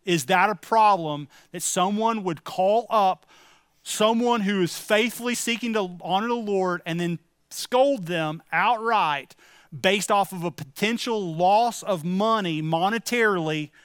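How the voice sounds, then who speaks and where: A man's voice: sits high, a little slow, fairly bright tone, smooth, dry recording, studio quality. A middle-aged male pastor giving a sermon in a conversational way, asking the congregation questions and turning stern and emphatic. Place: church sanctuary.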